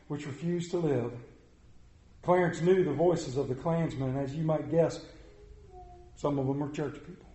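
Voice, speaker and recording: A man preaching a sermon, telling a story that swells loud and then drops to quiet prayer. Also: fairly high pitch, normal speed, long pauses. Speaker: pastor. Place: church sanctuary. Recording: echoey church room.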